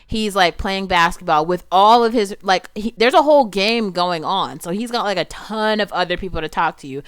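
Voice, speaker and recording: A young adult woman giving casual, animated commentary on a film, outspoken and full of "like", with frequent swearing. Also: mid-range voice, moderate pace, clean tone, no room sound.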